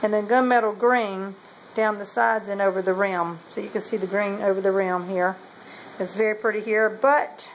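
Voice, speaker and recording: A woman's voice: mid-range voice, a little hiss or hum, poor audio. A woman, talking casually in a meandering way with many ums and self-corrections as she shows her pottery. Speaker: potter showing kiln results. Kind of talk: casual show-and-tell vlog.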